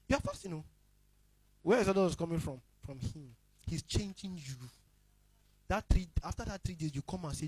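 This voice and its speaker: A man preaching a sermon as the pastor, emphatic and repetitive, swinging between loud declarations and hushed asides. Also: on the high side, expressive, normal speed, husky, poor audio.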